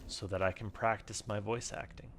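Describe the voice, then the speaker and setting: A man streaming a game and chatting casually in quiet, mumbled asides to himself. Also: on the low side, flat delivery, moderate pace, a little hiss or hum. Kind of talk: casual gameplay chat.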